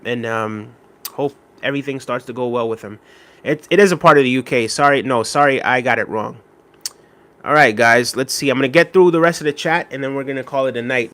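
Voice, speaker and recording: A man hosting a livestream, reading viewer comments aloud with shout-outs and quick apologies, relaxed and repetitive, with many fillers. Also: medium pitch. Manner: relaxed, repeats phrases, frequent fillers. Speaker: livestream host. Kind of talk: casual livestream chat.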